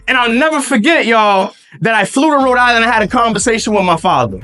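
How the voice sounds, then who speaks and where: A man in his thirties gives a rousing motivational talk to students. He works the crowd with call-and-response and a lively, swooping pitch. Faint music sits underneath. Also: fast. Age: 30s. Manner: hype, call-and-response, addresses crowd as "y'all". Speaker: motivational speaker. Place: school event with live audience.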